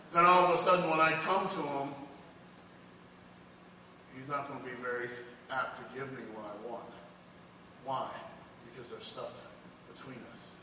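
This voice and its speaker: Bright-voiced preacher echoing in a hall. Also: male voice, fairly high pitch, a little hiss or hum. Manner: emphatic storytelling, moving between loud peaks and hushed passages. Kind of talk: sermon. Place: church sanctuary. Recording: echoey hall from far off.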